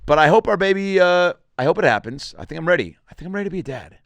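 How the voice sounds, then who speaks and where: A man's voice: high voice, lively intonation, very fast, vocal fry, a bit bright, no echo, highs cut off. A man hosting a podcast, riffing in a rambling, self-interrupting comic monologue. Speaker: podcast host and comedian. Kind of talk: casual comedic monologue.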